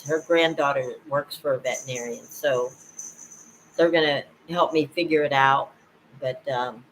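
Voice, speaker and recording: An older woman talking casually to camera at home, rambling and halting, with frequent laughs. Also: sits low, a bit bright, slight background noise, low-quality recording. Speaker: vlogger. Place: at home, indoors.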